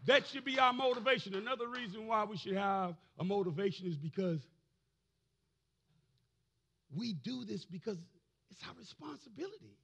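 Male pastor, raspy bright voice, preaches with shouted build-ups and call-and-response. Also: high voice, lively intonation, normal speed, long pauses. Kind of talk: sermon.

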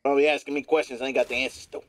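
A male streamer giving live gameplay commentary in a put-on gruff newsman voice, profane and playful. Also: mid-range voice, level tone, very fast, no echo.

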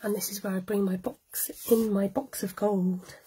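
A woman's voice: mid-range voice, steady tone, moderate pace, mellow, slight background noise, low-quality recording. A chatty woman giving a live cardmaking tutorial, laughing often and greeting viewers by name as she works. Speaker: cardmaking demonstrator. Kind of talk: live-streamed craft tutorial.

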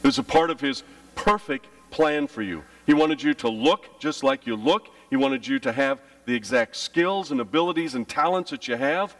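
Gravelly, animated male pastor preaching. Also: fairly high pitch, normal speed, no room sound, far from the mic. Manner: animated storytelling, acting out his childhood panic with shouts. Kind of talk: sermon. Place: church.

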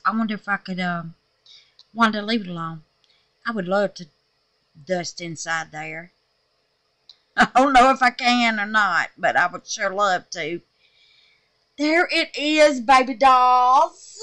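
A woman's voice: medium pitch, expressive, a little slow, pauses often, bright, forceful tone. A woman chatting through a soap-making vlog, gushing and exclaiming and calling her viewers honey and babies. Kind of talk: casual craft vlog chat.

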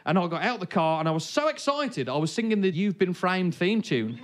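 High-voiced Black Country man telling a comic story. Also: a little fast, few pauses. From Black Country, England. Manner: animated, comic asides, bursts into shouted impressions. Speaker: comedian. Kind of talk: stand-up storytelling. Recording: live audience laughing. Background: audience laughter.

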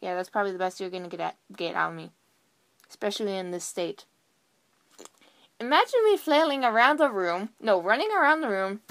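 Rambling voice actress between takes. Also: female voice, mid-range voice, a bit bright. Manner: rambling, self-deprecating. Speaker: voice actor. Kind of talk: casual chat between takes.

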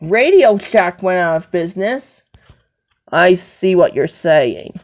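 Brief: unhurried amateur monologue, sing-song pitch, repetitive listing of items. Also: very animated. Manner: repetitive, listing things over and over. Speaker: home video maker. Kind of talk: rambling self-talk monologue.

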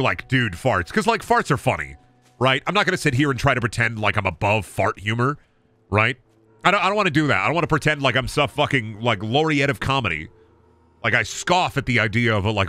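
A man's voice: medium pitch, pushed and bright, no room sound. A man in his thirties streaming a game, rambling and joking with lots of swearing. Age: 30s. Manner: rambling, profane, jokey. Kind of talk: casual gaming commentary.

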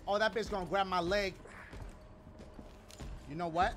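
A man playing a video game and reacting aloud, swearing and yelling at the game and chatting to his viewers. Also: high-pitched, lively intonation, measured pace, long pauses, noisy background. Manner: talks to viewers as "y'all". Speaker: gaming video host. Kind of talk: let's play commentary. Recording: loud game sounds behind voice.

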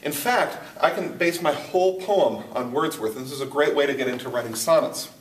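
A man's voice: a little high, a little fast, a little hiss or hum. A man teaching a poetry lesson at a board, thinking aloud with many restarts and fillers. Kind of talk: whiteboard lesson. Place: room with a board. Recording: roomy, from a distance.

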